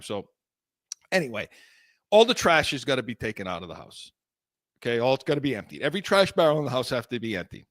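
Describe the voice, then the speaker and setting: A middle-aged man co-hosting a casual podcast chat, telling a long story in a rambling, animated way with laughs and restarts. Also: mid-range voice, no room sound, studio quality. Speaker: podcast co-host.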